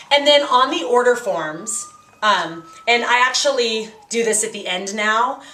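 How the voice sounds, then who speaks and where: A woman's voice: mid-range voice, fairly bright tone. A woman giving a casual, practical training talk to direct sales consultants, in a chatty coaching tone. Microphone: handheld camcorder. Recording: echoey room on a camcorder.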